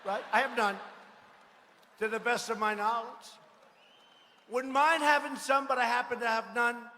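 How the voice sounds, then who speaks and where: A man giving a rally speech, boastful and mocking, repeating himself and bursting into shouts. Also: very high-pitched, steady tone, a little slow, slight background noise. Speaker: political speaker at a rally. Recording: echoey hall with faint ambience.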